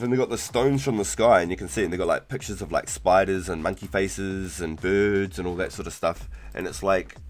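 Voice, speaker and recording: A young man with a New Zealand accent, chatting loosely on a live stream and rambling with lots of fillers. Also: low-pitched. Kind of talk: casual live-stream chat.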